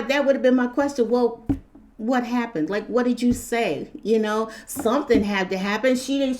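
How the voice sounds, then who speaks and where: A woman speaking her mind in a loose, casual monologue. She is animated and laughs often, and she acts out what people might say. Her voice sits a little high. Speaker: vlogger.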